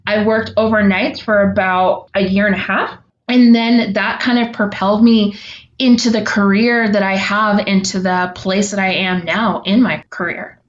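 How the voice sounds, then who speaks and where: A woman's voice: medium pitch, steady tone, moderate pace. A young woman telling her story as a podcast guest, earnest and reflective, with frequent ums. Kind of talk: heartfelt interview storytelling. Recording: slightly dull lo-fi audio.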